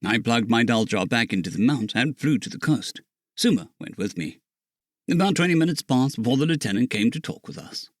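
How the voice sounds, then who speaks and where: A man narrating an audiobook in a lively, expressive reading. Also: medium pitch, a little fast, dry recording, clean studio sound.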